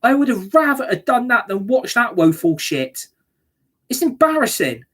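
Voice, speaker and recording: Husky, ranting woman. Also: a little high, very animated, moderate pace. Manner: angry, sweary and scornful. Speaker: football fan reacting to a match. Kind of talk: ranting reaction video.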